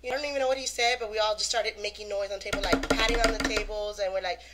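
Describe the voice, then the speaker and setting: A young woman vlogging as a fan, telling a story in a lively way and acting out quotes. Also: medium pitch, racing, very noisy. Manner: animated, acts out quotes. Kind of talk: excited casual storytelling.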